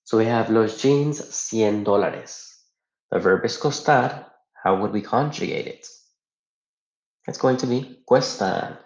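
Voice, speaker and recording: A man's voice: fairly low pitch, takes it slowly, creaky. A man teaching a Spanish grammar lesson, explaining patiently step by step and asking rhetorical questions. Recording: echoey room, dull lo-fi sound.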